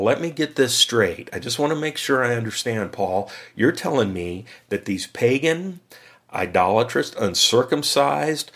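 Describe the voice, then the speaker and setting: A man's voice: medium pitch, gravelly. A man voicing an indignant, skeptical Jewish Christian man who challenges in incredulous, rising questions.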